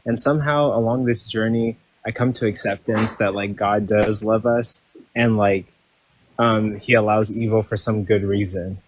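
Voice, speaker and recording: A man's voice: on the low side, flat delivery, moderate pace, no echo. A man chatting on a live online call, laid-back and rambling, full of "like" and "um". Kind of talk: casual chat on a live stream.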